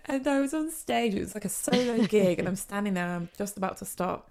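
A woman's voice: mid-range voice, fairly quick, gravelly, darkish tone. A young British woman, a cellist and guest, chatting casually in an interview and telling stories with frequent laughter. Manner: chatty, laughs often, tells stories animatedly.

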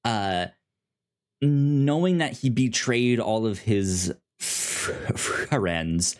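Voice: mid-range voice, lively intonation, drawn-out words. Rambling podcast co-host. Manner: rambling, full of fillers and restarts, acts out quotes in silly voices. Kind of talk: casual chat about a TV episode.

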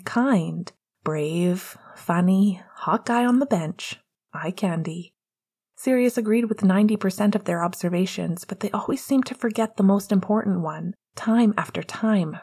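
A woman reading a story aloud as a whispered role-play, soft and hushed. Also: lowish voice, breathy edge. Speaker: audiobook reader.

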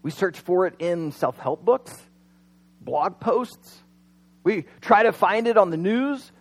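A man preaches a sermon in a high voice that swoops up and down with plenty of life. He talks to the congregation like a friend, drops in jokes, and slows down for dramatic pauses. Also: animated, rough recording. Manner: conversational, humorous asides, dramatic pauses. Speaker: pastor.

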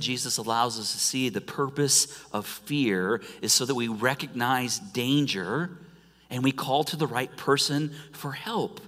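A man preaching a sermon in a church sanctuary, swinging from loud, emphatic lines down to soft near-whispers. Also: mid-range voice. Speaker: pastor. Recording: long church-hall reverb.

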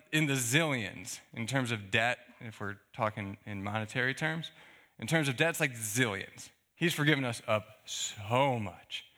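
A male pastor giving a conversational sermon, reading scripture and explaining it with rhetorical questions. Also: mid-range voice. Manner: conversational, animated preaching with fillers and rhetorical questions.

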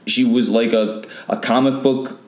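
A man's voice: mid-range voice, a little slow, roomy sound, soft background music. A man chatting casually about movies, telling stories with lots of fillers and restarts. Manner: animated storytelling with lots of fillers. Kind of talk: casual podcast chat.

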